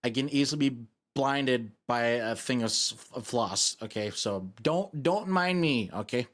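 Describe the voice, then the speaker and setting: A man's voice: medium pitch, measured pace, fairly bright tone. Rambling, jokey male streamer. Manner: rambling, self-mocking and jokey. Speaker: VTuber streamer. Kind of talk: casual live-stream chat while gaming.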